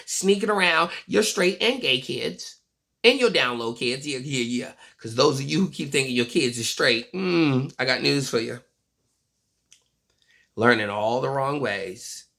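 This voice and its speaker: Someone in their forties vlogs a casual, blunt monologue full of profanity, telling stories animatedly in a creaky, mid-range voice.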